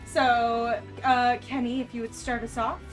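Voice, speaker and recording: A woman game master talking with her players over an online call, chatty and laughing often, narrating the scenes in a steady storyteller's read. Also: fairly high pitch, a little slow, faint music behind. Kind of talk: narrating a tabletop game on a live stream.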